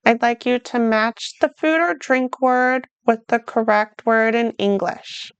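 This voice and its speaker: A woman teaching a beginner language lesson, modeling short phrases slowly and then explaining them in plain words. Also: a little high, a bit bright, clear, resonant tone, no room sound. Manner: speaks slowly and carefully, models German phrases then translates. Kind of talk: slow, clear beginner lesson.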